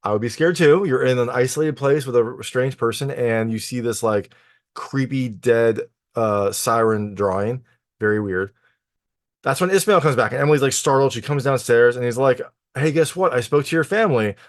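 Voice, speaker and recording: A man retells a film's plot in a loose, chatty way, full of fillers and restarts. His voice sits at a middle pitch. It is recorded dry and close, with no room sound. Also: moderate pace, no room sound. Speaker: film reviewer. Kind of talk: casual spoken film recap.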